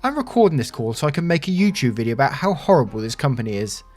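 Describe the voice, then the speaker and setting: A man voicing an irate, entitled male caller who rants abusively and threatens, raising his pitch above his own voice. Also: animated, a little fast, soft background music, lightly acted. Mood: furious. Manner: ranting, abusive, self-important.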